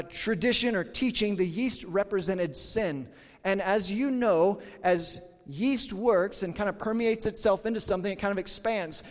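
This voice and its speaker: A man preaching a sermon to a congregation, telling stories and acting out quotes. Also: sits high. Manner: animated storytelling with acted-out quotes. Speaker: pastor. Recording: hall reverb.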